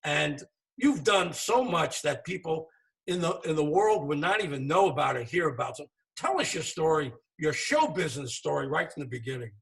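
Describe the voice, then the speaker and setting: A gravelly man with a slightly high, very lively voice hosts an interview and heaps praise on his guest. He sounds set back from the microphone. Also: moderate pace, distant mic, low-quality recording. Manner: enthusiastic, full of praise for the guest. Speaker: host.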